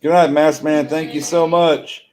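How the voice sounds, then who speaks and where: A man's voice: a little high, level tone, measured pace, a little mellow. A man hosting a live-stream charity auction, calling out bids in a folksy way. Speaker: auction host.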